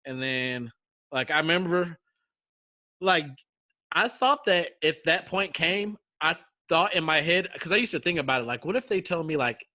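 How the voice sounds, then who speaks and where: A man's voice: on the high side, expressive, normal speed, pushed and bright, dry recording, studio quality. A young man telling a survival story in casual chat, acting out quotes with slang and swearing.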